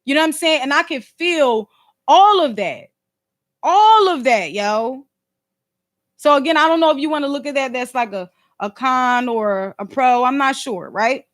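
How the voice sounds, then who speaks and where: Loud, high-voiced woman streaming. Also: moderate pace. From Philadelphia. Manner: animated and slangy, fond of rhetorical asides; loud and emphatic, sometimes snapping. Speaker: podcast host and livestreamer. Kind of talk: casual livestream chat. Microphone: phone livestream.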